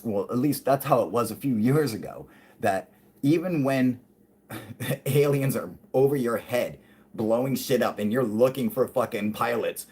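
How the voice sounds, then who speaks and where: Host type: low husky male voice, profane and rambling livestream ranter. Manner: profane, rambling, heated with frequent laughs. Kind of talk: casual ranting livestream talk.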